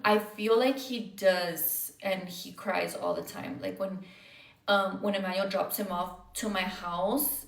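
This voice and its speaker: A woman's voice: medium pitch, recorded from a distance. A young woman livestreaming with viewers, talking candidly and close to tears, blunt and profane, with Spanish words mixed into her speech and lots of fillers. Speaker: livestreamer answering viewer comments. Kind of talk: candid emotional livestream chat. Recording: roomy sound, away from the mic.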